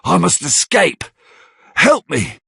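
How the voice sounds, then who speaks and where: A man voicing a violent male criminal on the run, shouting and desperate in a storybook reading. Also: fairly high pitch, huge pitch swings, slow pace, gravelly, husky, dry recording, studio quality, pitched above the performer's own voice, heavily acted.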